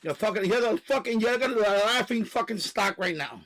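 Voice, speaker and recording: A man hosting a live stream, delivering a loud, profane, repetitive rant and stopping now and then to catch his breath. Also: sits high, animated, a little fast, poor audio. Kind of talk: ranting live stream monologue.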